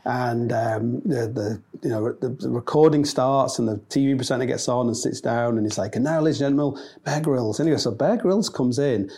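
A man's voice: mid-range voice, normal speed, few pauses, mellow, husky. A man telling a rambling, sweary, self-mocking anecdote in a casual chat. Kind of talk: casual storytelling.

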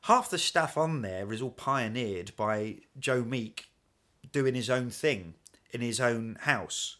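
A man, a guest in a casual chat, telling stories in an animated, chatty way and laughing often. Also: medium pitch, slow. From England.

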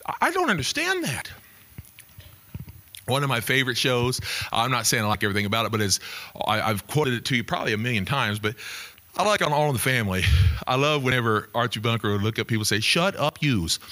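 A man preaching a sermon as a pastor, swinging between loud emphasis and quiet, low asides.

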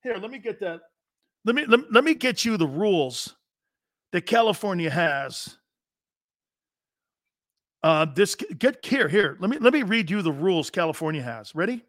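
A man hosting a live sports talk show, loud and brash, joking and hollering. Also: high voice, big pitch swings, normal speed, pauses often, no echo, studio quality.

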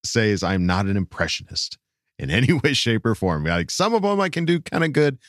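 A man co-hosts a podcast, joking and laughing often in casual chat with a lively delivery. He is also a voice actor, and his voice is on the low side and a little fast, recorded at studio quality with no echo.

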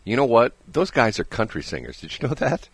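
A man hosts a morning radio show from a studio, chatting casually and telling rambling, animated stories punctuated by chuckles. His voice is medium-pitched and slightly rough, he talks a little fast, and the recording is dry.

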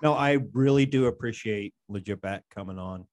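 A man with a fairly low voice in casual podcast banter. He jokes and swears freely and often stumbles over his words. He restarts his sentences a lot. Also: normal speed, a little mellow.

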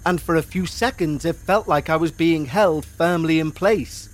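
A man in measured, scripted narration of a listener's eerie story. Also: fairly high pitch.

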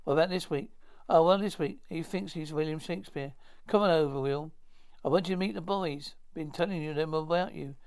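A man acting a fast-talking character in a 1950s TV drama, with brisk, stagey dialogue. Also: fairly high pitch, a little mellow, clear, resonant tone, lightly acted.

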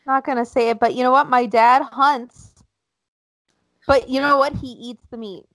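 A woman co-hosting a casual chat, blunt and animated, acting out quotes as she talks. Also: high voice, normal speed, dry recording, poor audio. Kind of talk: casual chat about wrestling.

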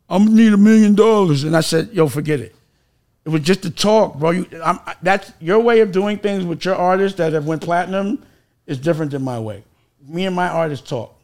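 A man's voice: high voice, vocal fry. A middle-aged man in a heated casual conversation, emphatic and argumentative, laughing as he tells stories. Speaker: record label executive guest.

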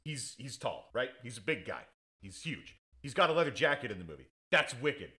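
A man's voice: medium pitch, sing-song, fairly quick, sharp tone. A man recapping a movie in a rambling, sarcastic comedic style, swearing freely. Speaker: podcast co-host playing defense lawyer.

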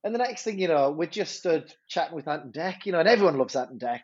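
Husky animated man. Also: on the high side, quick pace, dull audio. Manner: animated, self-interrupting storyteller with frequent repeats. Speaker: head teacher. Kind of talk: storytelling in a podcast interview.

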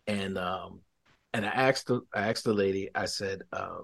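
A man, a podcast guest, giving a personal faith testimony as an animated storyteller who restarts his sentences often. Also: deep voice, normal speed, vocal fry.

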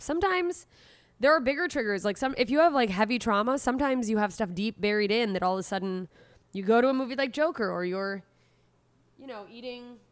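A woman's voice: mid-range voice, clean tone, no room sound. A woman talking casually about handling emotional triggers, rambling and correcting herself with lots of fillers.

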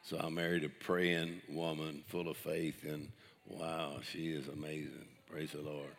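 A man's voice: a bass voice, flat delivery, measured pace, big-room sound. An older male pastor preaching with jokes, chuckling at his own punchlines. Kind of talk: sermon with jokes.

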